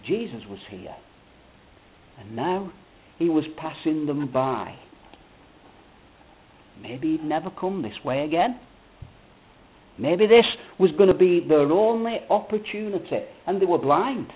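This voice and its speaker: A man's voice: fairly high pitch, expressive, a little slow, pauses often, slight background noise. A man preaching a sermon with emphatic, rising and falling cadence. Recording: phone-like narrow band.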